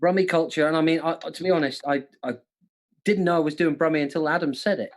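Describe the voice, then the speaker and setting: A comedian co-hosting a quiz who talks in a playful, jokey way and slips into silly voices. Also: male voice, fairly high pitch, fast. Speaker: comedian co-host.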